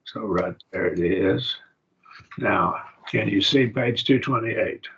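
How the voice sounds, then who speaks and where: A man leads a Greek grammar class on a video call, speaking in a low, slightly bright voice. He takes his explanations slowly and quizzes the class, though the call sounds muffled and lo-fi.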